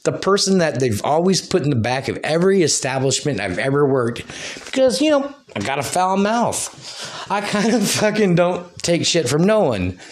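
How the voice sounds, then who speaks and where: A man's voice: on the high side, a little hiss or hum. A man hosting a loose solo podcast, talking in a rambling, profane way and laughing between thoughts. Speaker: podcast host.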